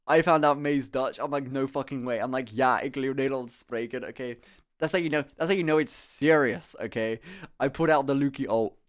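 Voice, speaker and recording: A young man talks to his stream chat in a loose, animated way. He laughs often, swears freely and rambles through stories while his pitch sits in an ordinary middle range. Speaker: live streamer. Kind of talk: casual chat with stream viewers.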